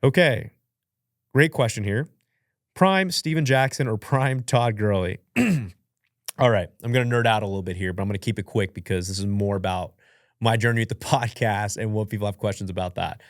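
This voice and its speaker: Podcast host, young man, lowish voice, animated self-mocking storyteller, dry studio sound. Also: normal speed, no echo. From United States. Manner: animated, chatty, self-mocking, acts out his own reactions. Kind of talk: casual storytelling and Q&A. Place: professional studio. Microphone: studio mic.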